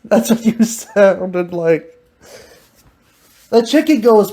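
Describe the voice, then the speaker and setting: Slow-talking, giggly woman teasing an AI. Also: mid-range voice, expressive, mellow. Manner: giggly, teasing, laughs often. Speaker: host. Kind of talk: casual improvised chat with an AI.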